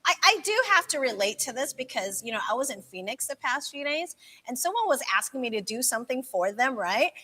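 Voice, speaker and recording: A woman hosting a live radio game show, upbeat and quick to laugh. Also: high-pitched, sing-song, pushed and bright, husky. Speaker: radio host.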